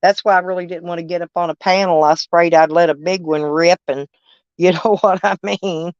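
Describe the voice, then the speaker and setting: A woman's voice: lowish voice, steady tone, fairly quick, a little mellow, no room sound. An older woman, chatting casually with live-stream viewers in a rambling, folksy, blunt way with frequent swearing. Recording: dull, dry lo-fi stream audio.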